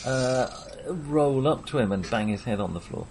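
A man's voice: medium pitch, normal speed, a little hiss or hum. A man playing a tabletop game in a playful, laughing manner. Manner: playful, lively, laughs often. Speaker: player. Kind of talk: casual tabletop game play.

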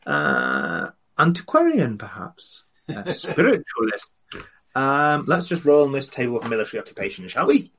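A man playing a tabletop game, speaking in a wry, hesitant way with many ums and pauses. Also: medium pitch, huge pitch swings, a bit bright. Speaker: player. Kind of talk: casual tabletop game chat.

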